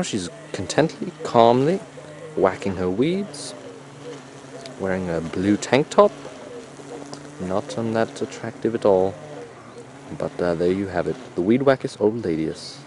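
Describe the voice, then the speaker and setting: Low-voiced man doing a mock nature documentary. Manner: mock-serious, crude and rambling. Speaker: narrator and camera operator. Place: outdoors in a neighborhood. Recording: outdoor camcorder audio with clear background noise.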